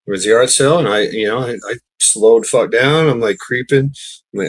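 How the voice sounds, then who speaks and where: A man's voice: mid-range voice, animated, moderate pace, poor audio. A man hosting a livestream, telling a casual rambling story, laughing often and swearing freely. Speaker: livestream host.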